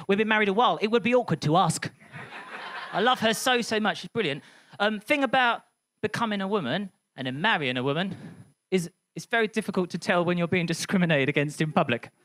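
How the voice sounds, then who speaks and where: A woman comedian doing a punchy, animated stand-up set on a club stage. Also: mid-range voice. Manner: animated, punchy, laughing through lines.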